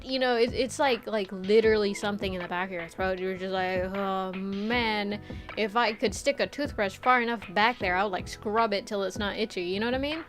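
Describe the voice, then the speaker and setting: A woman's voice: medium pitch, normal speed, faint music behind. A young woman streamer chatting casually with viewers, rambling with lots of filler words, swearing and laughing often. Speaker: VTuber streamer. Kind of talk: casual chat reading viewer comments.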